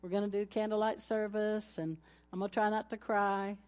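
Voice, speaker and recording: A woman's voice: medium pitch, flat delivery, normal speed, darkish tone. A woman pastor, preaching a folksy sermon with announcements and laughter, ending in a fervent prayer.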